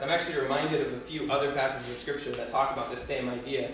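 A man's voice: mid-range voice, fast, hardly any pauses, a bit bright. A man preaching a sermon in a casual, conversational way, with many asides to his listeners. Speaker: pastor. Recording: echoey hall, voice from far off.

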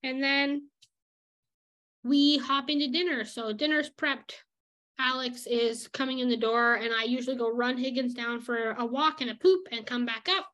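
Young woman, casual vlog chat, filler-heavy, slightly high-pitched. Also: normal speed, fairly bright tone. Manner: chatty, with frequent "like" and laughs. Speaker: illustrator vlogger.

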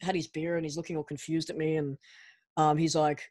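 Animated man telling a story, dry sound. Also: a little high, fast talker, dry recording. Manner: animated anecdote-telling with frequent restarts. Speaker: guest, actor and pro wrestler. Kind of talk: casual interview storytelling.

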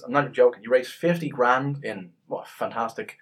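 A man co-hosting a casual gaming chat, telling stories with lively acted-out quotes. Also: fairly quick. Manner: animated storyteller, acts out quotes in a higher voice. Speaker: podcast co-host.

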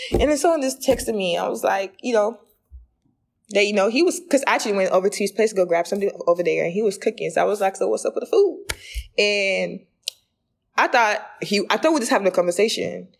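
A woman's voice: mid-range voice, vocal fry. Chatty young woman podcast host. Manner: chatty storyteller, acting out quoted lines with rising excitement. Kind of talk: casual podcast chat.

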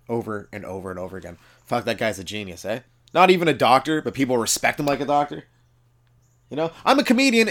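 A man, a comedian hosting his own podcast, rambling through profane stories in a casual monologue. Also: medium pitch. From Canada.

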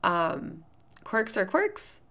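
A loud-voiced woman hosting a podcast, giving writing tips in casual, rambling solo talk with plenty of fillers and restarts. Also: mid-range voice, sing-song, very slow, gravelly.

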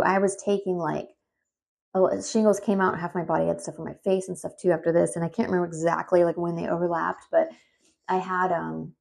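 Woman in her 30s rambling through a story, lowish gravelly voice. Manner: chatty and animated, many fillers, rambling asides. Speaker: storyteller sharing a personal health story. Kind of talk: casual personal storytelling.

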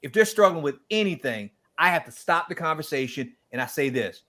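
A man with a fairly high voice speaks as an interview guest. He talks in an animated, preacherly way, leaning hard on his points with emphasis. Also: fairly quick. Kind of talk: passionate interview conversation.

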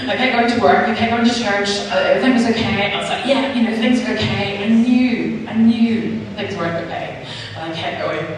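A woman's voice: on the low side, noisy background. A woman in her thirties with a Northern Irish accent giving a chatty, self-mocking personal testimony as a church speaker, acting out both sides of her conversations. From Northern Ireland. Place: church hall. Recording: echoey hall from far off.

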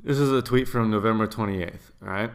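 A man's voice: fairly low pitch, a little fast. A young man hosting a casual podcast chat, joking loosely and swearing freely. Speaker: podcast host.

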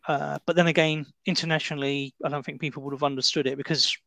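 A man's voice: fairly high pitch, steady tone, quick pace, gravelly, pushed and bright, dry recording. A British man chatting casually about a film, explaining with asides and restarts. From Britain.

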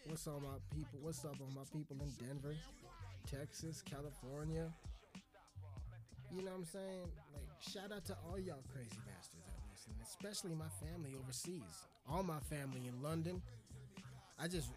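A man hosting a podcast, rambling and cursing heavily, yelling now and then, smoking between sentences into a podcast microphone. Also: fairly high pitch, moderate pace, music in the background. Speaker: podcast host. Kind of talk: casual profane podcast chat.

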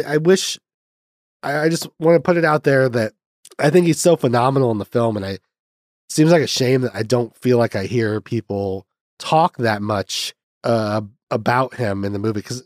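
A man's voice: medium pitch, darkish tone, dry recording, studio quality. A man casually reviewing a film, rambling with lots of fillers and restarts and the odd swear word.

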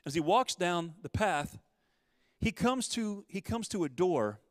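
A man preaching, telling a parable and acting out the quotes, with swings between loud urgency and hushed softness. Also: sits high, animated, a little slow, dry recording, in a large hall. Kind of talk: sermon storytelling.

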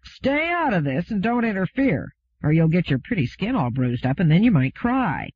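A man doing a sneering, husky brute of a crewman. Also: sits high, sing-song, moderate pace, dry recording, heavily acted. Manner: sneering, threatening, growling. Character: brutish menacing male spaceship crewman. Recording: phone-like narrow sound.

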